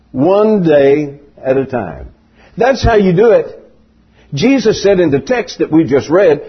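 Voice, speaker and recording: A man's voice: husky, dull audio. An older man, preaching a sermon in a folksy storytelling way. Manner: folksy storytelling preaching with big pitch swings.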